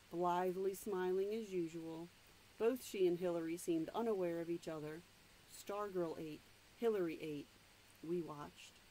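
A woman's voice: on the low side, dark tone, a little hiss or hum, rough recording. A woman reading a novel aloud, stopping now and then to explain the story in her own words. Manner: plain, unhurried read-aloud narration with asides. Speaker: reader.

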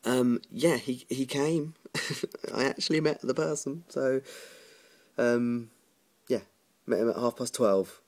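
A man's voice: medium pitch, slow, pauses often, a little mellow. A man vlogging at home into a phone camera, telling a rambling story casually, laughing and mimicking the people in it. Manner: chatty, rambling, mimics other people's voices, laughs often.

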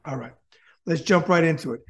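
A man's voice: a little high, brisk, fairly bright tone. A man from Westchester County, New York hosting a web interview show with upbeat, showman-style introductions. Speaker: host.

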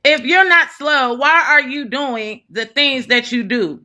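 A woman's voice: high voice, a little slow, sharp tone. A woman scolding someone in a heated, profane argument, repeating herself. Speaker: vlogger scolding a relative.

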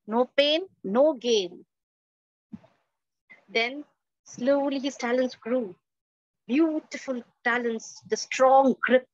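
High-voiced woman telling a dramatic story. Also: dry recording, dull audio. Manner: dramatic, repetitive storytelling with questions to the audience. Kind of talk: oral storytelling at a festival. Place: indoor festival stage.

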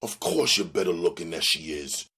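A man's voice: deep voice, animated, normal speed, bright, forceful tone, breathy edge, heavily acted. A man reading a young gang leader who brushes off his girlfriend, curt and dismissive.

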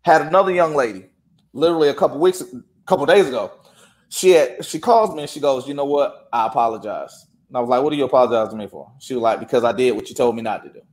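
Animated man telling a story. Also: medium pitch, quick pace. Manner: animated, acts out quoted dialogue. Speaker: guest. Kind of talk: casual storytelling.

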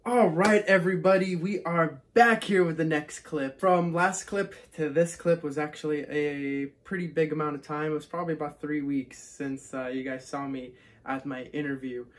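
A man's voice: a little high, steady tone, moderate pace. A young man in his twenties vlogging and giving interview tips to viewers, chatty and upbeat. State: hoarse, losing his voice. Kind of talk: casual vlog and advice.

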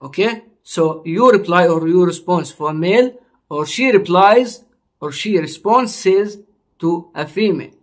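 High-voiced man teaching a language slowly. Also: lively intonation. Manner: slow, repetitive explaining, drawing out words. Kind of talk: online language lesson.

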